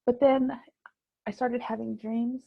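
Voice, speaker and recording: A woman guest sharing a personal story in conversation, reflective and halting, with many fillers. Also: fairly high pitch, little pitch movement, vocal fry, no room sound, muffled recording.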